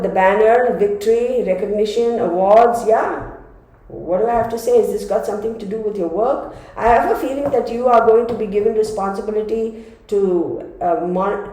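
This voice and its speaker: A woman with a warm, mid-range voice does a chatty, relaxed tarot reading for her audience, laughing often as she goes. The space around her is very echoey.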